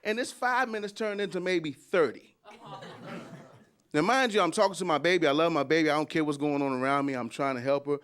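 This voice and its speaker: A man in his forties doing a stand-up comedy story, jumping into high squeals when he acts out quotes. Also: brisk, smooth. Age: 40s. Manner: animated, jumps into high squeals acting out quotes.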